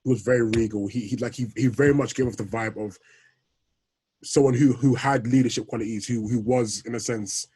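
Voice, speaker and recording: A man co-hosting a podcast, chatting casually and halting, repeating words before landing his point. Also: mid-range voice, steady tone, darkish tone, breathy edge. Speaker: podcast co-host. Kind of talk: casual chat.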